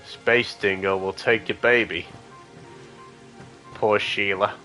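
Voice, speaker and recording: A man's voice: on the low side, steady tone, takes it slowly, pushed and bright, soft background music. A tipsy man streaming a video game live, chatting casually and laughing often. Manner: giggly, laughs often and mimics lines.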